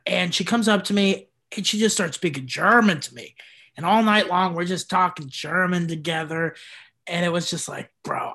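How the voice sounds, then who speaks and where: A stand-up comedian chatting casually on a podcast, telling slangy, laid-back stories and acting out little bits. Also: male voice, high voice, moderate pace, pushed and bright.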